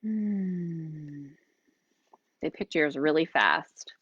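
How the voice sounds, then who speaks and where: A woman hosting a live-streamed oracle card reading, gently encouraging and guiding listeners through slow breathing. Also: low-pitched, slightly rough, dull audio. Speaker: host and healer.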